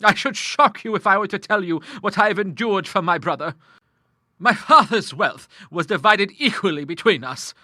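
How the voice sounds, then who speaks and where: A man's voice: sits high, normal speed, no echo, clean studio sound, pitched above the performer's own voice, full character voice. A man putting on a stern, grim older woman. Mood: vehement. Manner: forceful, scornful, emphatic. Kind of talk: audiobook character voice.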